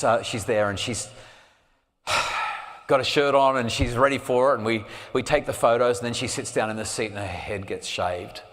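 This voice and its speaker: A man giving a live storytelling talk as a parenting speaker, earnest and dropping to a soft hush at emotional moments. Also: fairly low pitch. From Australia. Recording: long reverb of a hall.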